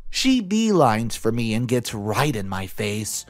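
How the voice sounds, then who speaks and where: A young man narrating a story aloud in a lively, expressive way, over faint music. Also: mid-range voice, slow pace. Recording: dry close voice with faint music.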